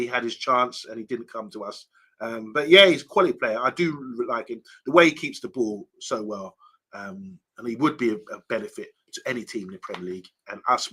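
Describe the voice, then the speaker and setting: A man's voice: mid-range voice, sharp tone. A man hosting a casual fan live stream, chatting loosely and reading out viewer comments with lots of ums and restarts.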